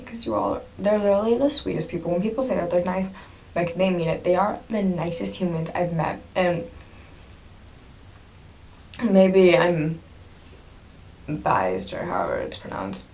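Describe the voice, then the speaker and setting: A woman's voice: lowish voice, expressive, normal speed, vocal fry, pauses often, darkish tone, a little hiss or hum. A young woman vlogging casually to camera, gushing and rambling with lots of "like" and "literally".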